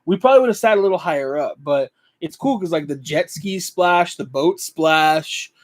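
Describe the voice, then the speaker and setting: Laid-back young man, higher voice. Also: expressive, normal speed. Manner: laid-back, lots of likes and dudes. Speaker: co-host. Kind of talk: casual chat.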